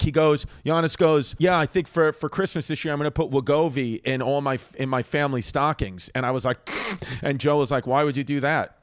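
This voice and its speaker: A man's voice: fairly high pitch, no room sound, studio quality. A man telling a rambling, self-mocking story as a comedian on a podcast. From New York. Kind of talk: casual storytelling.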